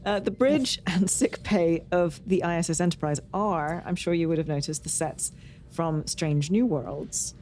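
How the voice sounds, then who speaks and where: A woman's voice: on the low side, unhurried, darkish tone, slight background noise. A woman co-hosting a podcast in casual chat, talking in a chatty, rambling way with lots of "like.". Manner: chatty, rambling, with many likes. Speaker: podcast co-host.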